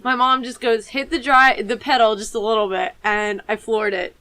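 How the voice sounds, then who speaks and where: A woman's voice: on the high side, normal speed, dry recording. A woman, chatting expressively on a casual podcast. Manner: expressive, talks with her hands. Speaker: podcast co-host. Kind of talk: casual chat.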